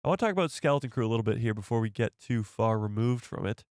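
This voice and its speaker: Male host, casual live-stream chatter, mid-pitched voice, close dry mic. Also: lively intonation, racing, a little mellow, dry recording. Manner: chatty, laughs often, addresses chat.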